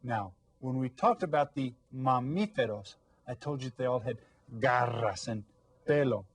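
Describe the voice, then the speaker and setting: A man with a husky, breathy voice teaching young children, patient and encouraging. He explains each word slowly and asks the class to repeat after him. His pitch sits mid-range for a man. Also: expressive. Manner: patient, encouraging, prompts kids to repeat words. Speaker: Spanish teacher. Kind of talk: recorded elementary language lesson.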